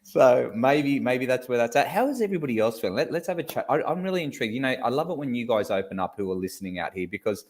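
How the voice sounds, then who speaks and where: A man's voice: medium pitch, fast talker, hardly any pauses. An Australian man co-hosting a casual live-stream chat, talkative and swearing now and then. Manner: chatty, swears casually, animated. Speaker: co-host.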